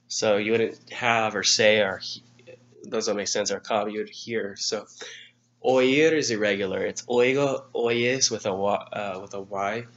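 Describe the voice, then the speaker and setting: Guy teacher going over grammar, lowish voice, kinda muffled lo-fi audio. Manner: steady, patient explanation, spelling words out letter by letter. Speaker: Spanish teacher. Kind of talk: exam review lesson. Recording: dull lo-fi recording.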